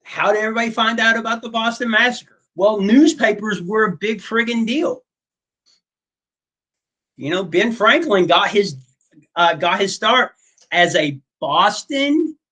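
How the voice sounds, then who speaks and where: A male history teacher lecturing his class in a loose, joking manner. He talks slowly, with plenty of fillers and asides. His voice sits high and sounds bright. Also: low-quality recording. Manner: casual, joking, many fillers.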